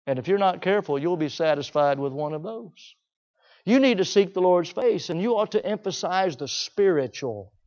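A man preaching a sermon, emphatic, repeating key phrases and swinging between loud declarations and hushed asides. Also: high voice. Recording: dull lo-fi recording.

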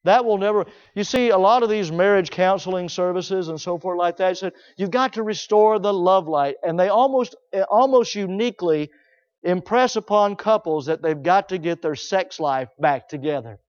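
A man preaching a sermon, emphatic, repeating key phrases and swinging between loud declarations and hushed asides. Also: sits high, moderate pace. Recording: dull lo-fi recording.

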